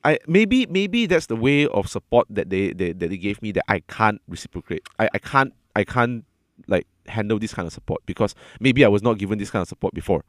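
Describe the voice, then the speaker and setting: A man telling a personal story in a casual chat, earnest and halting, often repeating his words as he gathers his thoughts. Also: on the low side, sing-song, no echo, clean studio sound.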